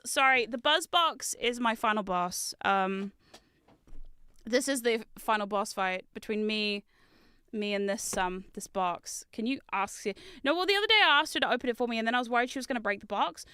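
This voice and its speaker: A woman streamer chatting casually while building and unboxing, talkative, laughing often and swearing in loud outbursts. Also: on the high side, normal speed, clean tone, no echo. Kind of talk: casual live-stream chat.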